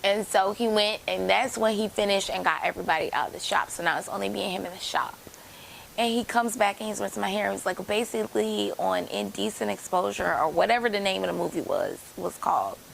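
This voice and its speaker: Gravelly-voiced woman in her late twenties. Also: mid-range voice, brisk, slight background noise, low-quality recording. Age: late 20s. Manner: chatty, rambling, addresses viewers as y'all. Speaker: vlogger telling a personal story. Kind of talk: casual storytime chat.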